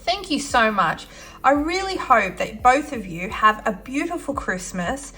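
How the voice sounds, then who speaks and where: Bright, chatty Australian woman vlogger. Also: on the high side, sing-song, unhurried. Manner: chatty and effusive, giggly, talks while eating. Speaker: budgeting vlogger. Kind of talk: casual chat to camera.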